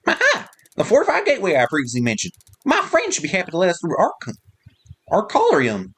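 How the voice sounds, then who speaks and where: Pompous old mentor, squeaky high, theatrical, swooping, brisk video game voice. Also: male voice, wildly swooping pitch, fairly bright tone, husky, heavily acted. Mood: pompous exclaiming. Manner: theatrical, exclaiming.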